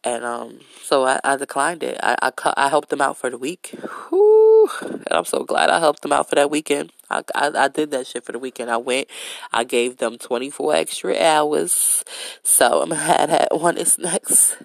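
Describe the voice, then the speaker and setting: A woman hosting a podcast, telling a story in a casual, blunt way with heavy swearing and lively retelling. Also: low voice, normal speed, gravelly, no echo. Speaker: podcast host.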